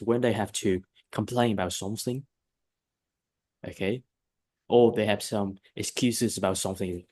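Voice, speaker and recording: A man's voice: fairly low pitch, steady tone, moderate pace, long pauses, a little mellow. A man teaching English one-on-one, giving emphatic, repetitive advice and often checking in with his student. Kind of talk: one-on-one lesson feedback.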